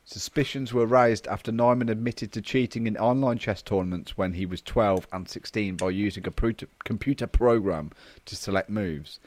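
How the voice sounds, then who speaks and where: A man co-hosting a casual comedy podcast, reading news stories aloud with crude banter and breaking into laughter. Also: on the low side. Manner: reads quickly, laughs through lines, crude banter. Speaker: podcast co-host.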